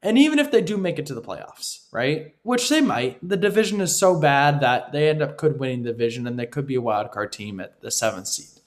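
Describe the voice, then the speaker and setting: A man's voice: medium pitch, big pitch swings, brisk. A man delivering an opinionated football analysis monologue, emphatic and repetitive, often asking his listeners "right?". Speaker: sports commentator.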